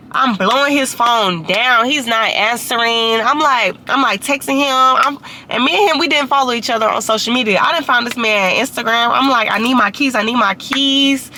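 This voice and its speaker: Young woman, vlogger storytime, bright slightly high voice, loose slangy delivery. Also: a little hiss or hum. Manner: chatty, heavy use of "like" and slang. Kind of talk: casual storytime.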